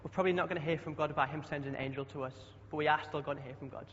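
A man's voice: on the high side, steady tone, racing, fairly bright tone, slight background noise. A young man preaching a chatty sermon, often asking the congregation questions. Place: church hall. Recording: dull sound with long hall echo.

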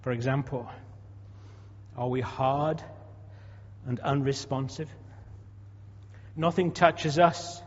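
Husky older man preaching in a hall. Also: medium pitch, slow pace, pauses often, a little mellow. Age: 60s. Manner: conversational, rhetorical questions, repeated words. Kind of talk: sermon. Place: church. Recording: dull echoey hall recording.

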